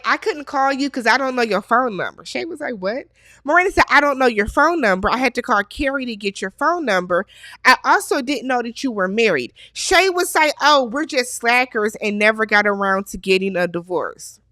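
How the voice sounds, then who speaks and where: A woman's voice: a little high, sharp tone, dry recording, clean studio sound. A woman hosting a casual TV recap, chatty and opinionated, acting out the characters' lines as she goes. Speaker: recap host.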